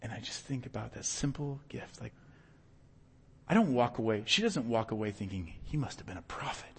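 A man preaching a sermon as pastor, telling personal stories in an earnest, animated way with bursts of loud emphasis. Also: medium pitch, brisk, slight background noise. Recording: long hall reverb.

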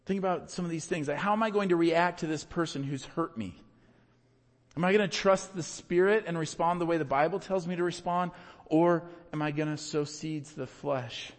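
A man preaching a sermon as a pastor, earnest, rising to emphatic peaks and then dropping low and quiet. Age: adult with young children. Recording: reverberant hall.

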